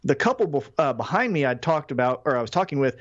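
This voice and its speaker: A man's voice: medium pitch, fast talker, no echo, dull audio. A man co-hosting a podcast who tells a story in casual chat, acting out the quotes and swearing freely. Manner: animated, swearing, acts out quotes. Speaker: podcast co-host.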